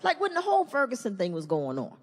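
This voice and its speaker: A middle-aged woman performing a profane stand-up comedy set, animated and shifting into high acted-out voices. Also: quick pace. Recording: live hall reverb, faint room noise.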